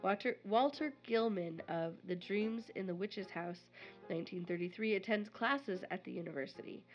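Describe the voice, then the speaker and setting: A woman co-hosts a podcast in a relaxed, playful way and reads passages aloud at an even, middle pitch. The audio is a bit dull and lo-fi, with soft music underneath. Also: normal speed. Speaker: podcast co-host. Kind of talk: casual podcast chat and reading.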